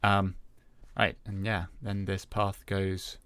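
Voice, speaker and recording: In a dry recording, a man's low, smooth voice moves at a slow pace. Hosting a Minecraft let's-play, he casually walks through his actions, filling gaps with hesitant fillers, relaxed and talking to himself as he plays.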